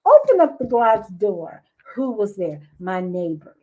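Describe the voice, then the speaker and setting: Woman, middle-aged, podcast guest, lively expressive storytelling, casual chat. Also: mid-range voice, a little slow. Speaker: guest, business owner.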